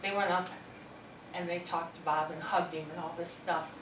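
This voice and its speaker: Middle-aged woman, animated storyteller, recorded from afar in a roomy hall. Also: lowish voice, normal speed, background noise. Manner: animated, acts out quoted voices. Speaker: speaker at a hospital presentation. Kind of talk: storytelling to an audience. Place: hospital meeting room. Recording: echoey room, mic from a distance.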